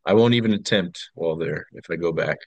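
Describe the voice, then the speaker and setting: A man as a podcast guest, chatting casually, asking curious questions and telling stories in an animated way. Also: deep voice, fairly quick, breathy edge, dry recording. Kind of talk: casual chat.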